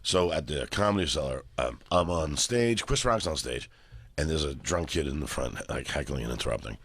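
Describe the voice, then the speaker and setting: Low voiced comedian guy rattling off a story quick, dry sound. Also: no room sound. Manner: animated storyteller, acts out quoted voices. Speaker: guest comedian. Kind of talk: casual storytelling.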